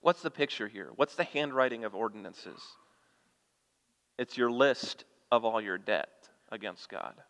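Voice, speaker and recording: A man's voice: on the low side, expressive, measured pace, fairly bright tone. A man preaching a sermon as a pastor. He reads scripture aloud with rising emphasis and puts questions to the congregation. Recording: long reverb of a church hall.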